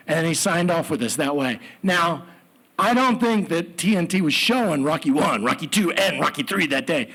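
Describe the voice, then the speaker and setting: A man telling a personal story at a live story slam, animated with comic asides. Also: a little high, normal speed.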